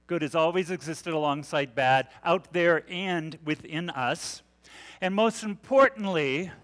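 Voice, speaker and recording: Male pastor, talky and questioning with the congregation, fairly high voice, recorded in a reverberant sanctuary. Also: a bit bright. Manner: chatty, asks the congregation questions, many fillers. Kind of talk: interactive conversational sermon. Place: church sanctuary.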